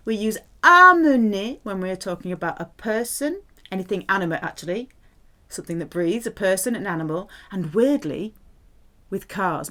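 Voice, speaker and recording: A woman with a French accent teaching a playful grammar lesson, spelling out words and repeating French examples slowly. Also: mid-range voice, animated, fairly bright tone.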